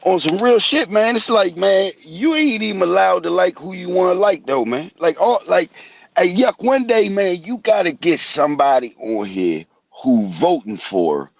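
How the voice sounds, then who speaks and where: A man in a casual chat, animated and profane, often saying "man", heard over a dull remote feed. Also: sits high, normal speed, creaky, no echo.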